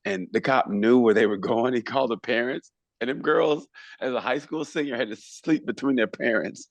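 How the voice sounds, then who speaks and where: A man's voice: medium pitch, a little fast, dry recording. A man co-hosting a comedy podcast, telling profane stories casually and acting out the quotes, over a video call. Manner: animated storyteller, profane, acts out quotes. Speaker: podcast co-host.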